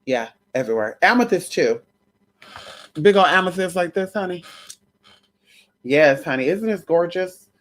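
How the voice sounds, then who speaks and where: Animated woman chatting to her live viewers. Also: on the low side, moderate pace, long pauses. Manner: animated, calls viewers honey and y'all, baby talk to crystals. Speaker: spiritual livestream host. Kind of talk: casual livestream chat with viewers.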